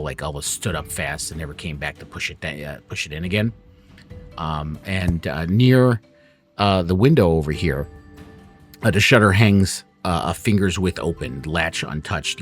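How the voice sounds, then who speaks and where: A man narrating scenes as game master in a tabletop game, descriptive with frequent fillers. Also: a bass voice.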